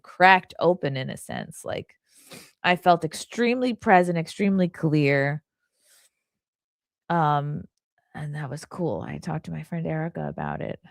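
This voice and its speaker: A woman hosts a casual livestream, rambling through a story with constant "like" and earnest, confiding asides. Her voice sits fairly low with a gravelly, creaky edge. The sound is dry and close, with little room echo. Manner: rambling and chatty, heavy use of "like". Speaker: livestream host. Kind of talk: casual livestream chat, reading viewer comments.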